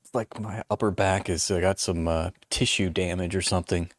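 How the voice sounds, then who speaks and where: A man's voice: low-pitched, steady tone, a little fast, no room sound, clean studio sound. A man in his forties chatting casually on a livestream, rambling and self-deprecating with many restarts. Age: 40s. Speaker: livestream host. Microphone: noise-canceling headphones.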